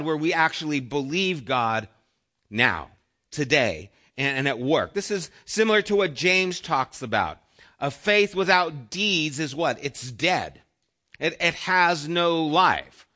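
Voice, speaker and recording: A middle-aged man delivers a sermon as pastor, his voice bright and a touch higher than most men's. He talks earnestly and conversationally, posing questions to his listeners and letting many phrases fall soft and low.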